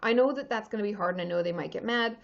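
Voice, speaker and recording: Chatting loosely on a livestream, a female therapist responds to live chat questions with many fillers and false starts. She talks very fast in a mid-range, creaky voice through dull, lo-fi audio.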